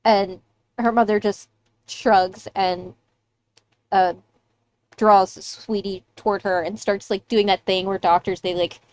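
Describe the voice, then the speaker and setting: A woman's voice: mid-range voice, steady tone, takes it slowly, long pauses. A woman narrating as game master of a tabletop game, casual with many filler words.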